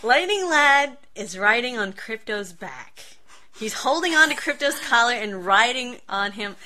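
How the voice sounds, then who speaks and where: A woman's voice: on the high side, measured pace. A woman co-hosting a casual comics podcast, retelling panels with frequent swearing and laughter. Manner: profane, laughing, animated retelling. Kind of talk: casual chat about comics.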